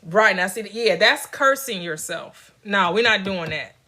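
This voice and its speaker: A woman's voice: medium pitch, lively intonation, measured pace, bright, forceful tone. A middle-aged woman hosting a casual motivational talk, emphatic and direct, laughing often between her points. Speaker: motivational channel host.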